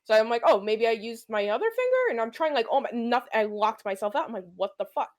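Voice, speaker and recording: With a slightly high voice and fast delivery, this young podcast co-host spins a casual story. She curses liberally, stays lively, and performs the quoted lines of the people involved.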